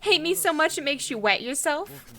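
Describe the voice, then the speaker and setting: A woman reading the part of a sadistic young man who taunts his captive as her fake big brother, in a slow, mocking drawl. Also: high-pitched, big pitch swings, sharp tone, voice pushed up, full character voice. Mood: taunting.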